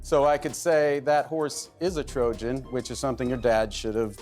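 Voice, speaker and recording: A man's voice: medium pitch, steady tone, normal speed, music in the background. A man playing himself in a comedy sketch, smug and taunting the host.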